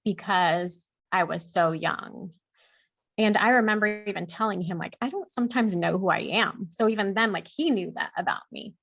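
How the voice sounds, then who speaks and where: Woman talking slow and soft on a podcast, creaky voice, dull dry recording. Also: medium pitch, dry recording. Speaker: podcast guest, coach. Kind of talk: reflective interview talk.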